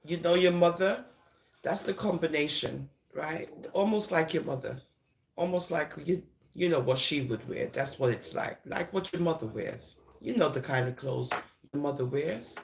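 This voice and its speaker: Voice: medium pitch, gravelly. A speaker from Jamaica, delivering a teasing, taunting comic monologue and drawing words out. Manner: teasing, sing-song, drawn-out words.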